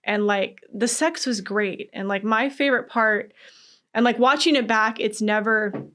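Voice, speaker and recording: A woman guest in a casual interview, telling animated stories, acting out quotes, laughing often. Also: a little high, unhurried.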